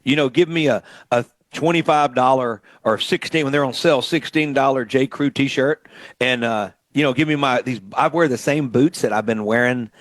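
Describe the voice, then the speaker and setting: A middle-aged man from Mississippi who hosts a radio show, telling stories in a lively way and acting out what people said. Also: mid-range voice, normal speed, dry recording. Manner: animated storyteller, acts out quotes. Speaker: radio host and musician. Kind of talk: storytelling radio chat.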